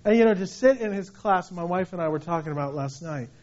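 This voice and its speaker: Middle-aged male pastor with a high voice, animated anecdotal preaching; muffled lo-fi recording. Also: quick pace. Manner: conversational, animated storytelling with restarts. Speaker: senior pastor. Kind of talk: sermon. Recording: dull lo-fi sound.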